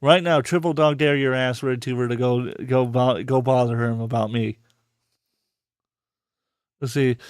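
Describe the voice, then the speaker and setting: A man's voice: mid-range voice, fairly even intonation, measured pace, pauses often, clear, resonant tone, no room sound, studio quality. A man hosting a live podcast, talking casually in a profane, heated and rambling way. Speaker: podcast host.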